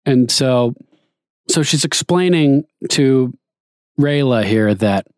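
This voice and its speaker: A man's voice: medium pitch, animated, slow, a little mellow, no room sound, studio quality. A man casually recapping a TV episode, laughing often and acting out the characters' lines in playful paraphrase. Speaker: show recapper.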